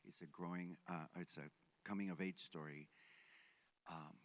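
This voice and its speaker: Low-pitched guy sharing a story on a panel, sincere. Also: fairly even intonation, moderate pace, rough recording. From Mexico. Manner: earnest, heartfelt storytelling. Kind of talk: conference panel discussion. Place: conference venue.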